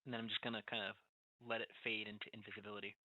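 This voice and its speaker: A player in a tabletop game, describing a healing action in a soft-spoken way. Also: mid-range voice, little pitch movement, very fast, dry recording. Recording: dull, dry, lo-fi mic.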